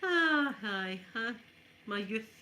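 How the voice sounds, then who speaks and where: A Glaswegian woman in her fifties, chatting softly in an ASMR video while ironing, telling lively stories and answering viewers in broad Scots. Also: fairly high pitch, slow, slight background noise. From Scotland. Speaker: ASMR creator. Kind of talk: soft-spoken ASMR chat while ironing.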